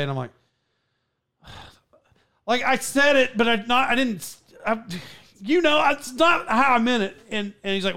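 High-pitched guy rambling thru a podcast story, laughs a lot, keeps restarting. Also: sing-song, moderate pace, bright, forceful tone, clean tone. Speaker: podcast host. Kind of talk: casual storytelling chat.

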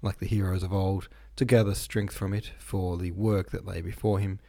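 Low, mellow man reading a novel aloud. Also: moderate pace. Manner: relaxed, stumbles over long words and rereads; chatty asides between passages. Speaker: reader. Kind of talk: informal audiobook reading of a classic novel.

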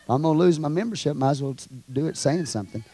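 A man with a Texan accent preaching a sermon to his congregation, swinging from quiet asides to loud shouted lines. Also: on the high side, fast, husky. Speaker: pastor. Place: church.

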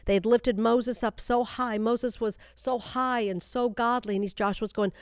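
A woman with a somewhat high voice teaches scripture as a spiritual coach, speaking straight to her listeners. She drives her points home by repeating key phrases. The sound is dry, with no room around it. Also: steady tone, moderate pace, hardly any pauses, no room sound. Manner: addresses listeners directly, urging them to stay with her. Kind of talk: Bible teaching for a YouTube channel and podcast.

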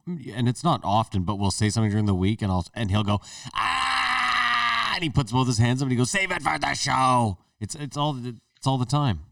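A man's voice: medium pitch, fast, few pauses, no echo, distant mic. A man co-hosting a casual podcast chat, telling stories and teasing his co-host. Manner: teasing, storytelling, swears.

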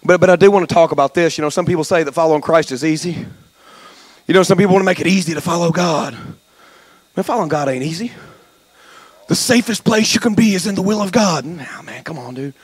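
A male pastor preaching a sermon, jumping from folksy jokes to shouted exhortation. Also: high voice, quick pace, husky, dry recording. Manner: passionate, swings from quiet asides to shouted exhortation; folksy, joking asides. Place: church sanctuary.

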